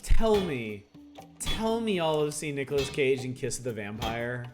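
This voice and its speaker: A man's voice: mid-range voice, animated, unhurried. A man chatting casually with his viewers while he streams a video game. He rambles, greets chat by name and laughs often. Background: game music.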